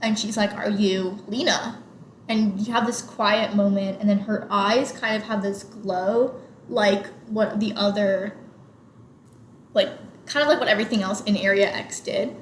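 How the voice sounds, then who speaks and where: A woman's voice: mid-range voice, steady tone, moderate pace. A young woman co-hosting a podcast, chatting casually about a movie and retelling scenes with lots of "like". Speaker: podcast co-host. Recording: roomy with faint background noise.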